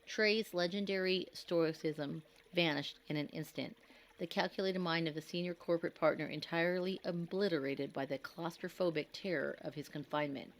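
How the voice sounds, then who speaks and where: Woman, low voice, horror story narrator, grave, measured, dramatic. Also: steady tone.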